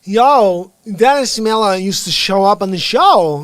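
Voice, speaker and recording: A man hosting his own unscripted livestream, chatting casually in an excitable, rambling way with frequent restarts. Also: high-pitched, unhurried, hardly any pauses, clear, resonant tone. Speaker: livestream host and impressionist.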